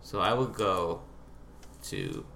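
A man hosting a casual group podcast chat, lively, laughing often and swearing casually. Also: low-pitched, slow, creaky, a little hiss or hum. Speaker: host.

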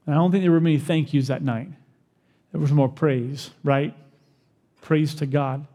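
A man preaching a sermon as pastor, animated, asking the crowd questions and acting out the people he quotes. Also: a little high, normal speed, big-room sound.

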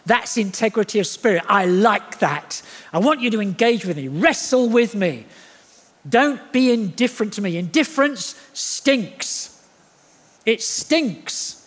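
A man preaching a sermon, his voice sitting high for a man. He is animated and jokey, and he acts out the voices he quotes. A long reverb trails behind him in a church hall. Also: a little slow.

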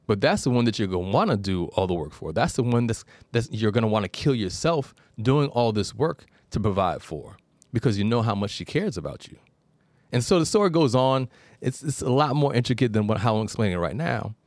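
Low-voiced man hosting an advice show. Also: a little mellow, dry recording. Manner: conversational storyteller, digressive. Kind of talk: casual call-in advice talk.

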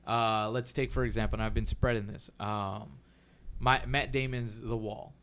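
Profane, animated Texan man chatting. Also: on the low side, smooth. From Texas. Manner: animated, profane, quick impressions of others. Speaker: comedian. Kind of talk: casual podcast chat.

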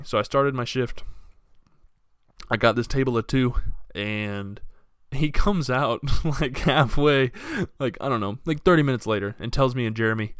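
A man's voice: mid-range voice, moderate pace, clean tone, no room sound, clean studio sound. A young man hosting a solo podcast, telling stories in a casual, profane way and acting out the people he quotes. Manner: casual, profane, storytelling with animated quoted voices. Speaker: podcast host.

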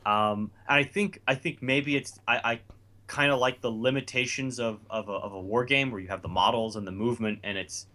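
A man in casual chat who is animated, laughs a lot, and acts out the voices in his anecdotes. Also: mid-range voice, fairly quick.

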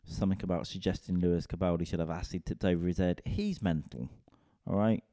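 Deep sweary man ranting casually. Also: fairly quick, warm tone, no room sound, studio quality. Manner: rambling, sweary, self-mocking. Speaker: comedian and podcast host. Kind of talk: casual solo rant.

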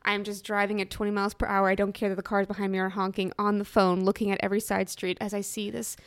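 A woman's voice: mid-range voice, flat delivery, quick pace, clear, resonant tone. A woman telling a story in casual chat, wry and amused, playing out dialogue.

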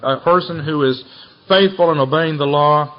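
A man's voice: fairly high pitch, moderate pace. A man preaching a sermon, reading scripture aloud with rising intensity and talking casually in between. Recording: dull lo-fi recording.

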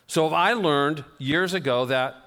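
A pastor preaching a sermon, telling conversational, self-deprecating stories. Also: male voice, on the high side, takes it slowly, a bit bright. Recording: long reverb of a church hall.

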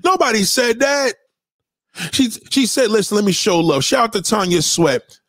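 A man's voice: high-pitched, lively intonation, moderate pace, a bit bright. A man hosting a casual livestream, reading viewer comments and ranting bluntly with lots of profanity. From New York. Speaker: livestream host.

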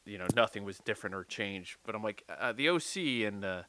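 A man from San Diego co-hosting a casual chat, easygoing and chiming in with quick asides. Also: on the low side, animated, pushed and bright, dry recording, poor audio. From San Diego, United States. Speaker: podcast co-host.

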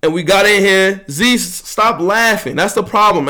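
A young man hosting a podcast, talking fast and heatedly, bragging and ribbing his friends in casual slang-heavy chat. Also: sits high, sharp tone. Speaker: podcast host.

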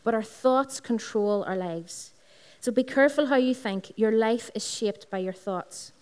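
A woman's voice: fairly high pitch, unhurried, a little mellow, clear, resonant tone. Northern Irish woman pastor preaching. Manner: personal storytelling with repeated phrases, talks to the congregation. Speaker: lead pastor. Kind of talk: sermon. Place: Sunday service in a school hall.

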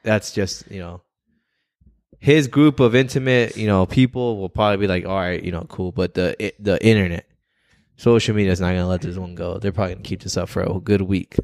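A man co-hosting a casual podcast, relaxed and slangy, with some swearing. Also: sits low, a little fast, no room sound, studio quality. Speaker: podcast co-host.

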